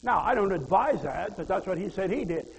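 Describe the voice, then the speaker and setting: A man's voice: high voice, animated, fairly quick. A man preaching a sermon in a folksy way, asking the congregation questions and quoting scripture. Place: church hall. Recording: reverberant hall.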